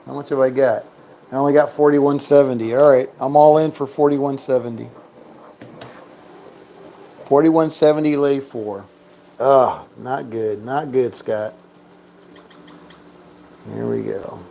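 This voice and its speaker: A man talks his way through a craps game in easy, joking commentary, tallying chips and bets aloud. His delivery is slow and unhurried, and his tone is mellow. A faint hiss of noise sits under the voice. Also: mid-range voice, fairly even intonation, vocal fry. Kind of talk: casual gameplay commentary.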